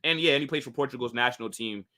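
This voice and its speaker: Bright-voiced young American man, slangy. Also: medium pitch, racing. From United States. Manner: casual slangy talk full of "bro", "like" and "right?". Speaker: football channel host. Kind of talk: casual live-stream chat reading viewer comments.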